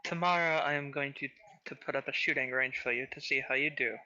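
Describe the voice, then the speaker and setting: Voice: medium pitch, fairly even intonation, a little fast, bright, forceful tone, dull audio. A player speaking in character during a tabletop role-playing game, with slightly formal phrasing. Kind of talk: tabletop role-play banter.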